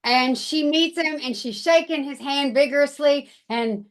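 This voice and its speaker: Excitable woman host, bubbly chat. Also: high voice, measured pace. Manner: excitable, animated storytelling with big quoted outbursts. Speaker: podcast host. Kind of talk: casual chat.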